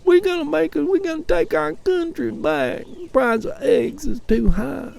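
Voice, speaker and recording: A man's voice: very high-pitched, huge pitch swings, a little slow, creaky, a little mellow, pitched above the performer's own voice, exaggerated voice. A man doing a sneering, exaggerated impression of a blustering older male politician. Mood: mocking.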